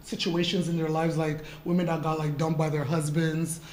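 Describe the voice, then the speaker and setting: A woman's voice: sits low, flat delivery, normal speed, darkish tone, reverberant, slight background noise. A woman in her forties from Canada, a model answering interview questions at a live talk in a casual, chatty way, laughing often and using lots of fillers. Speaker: guest model in an artist talk. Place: event room with an audience.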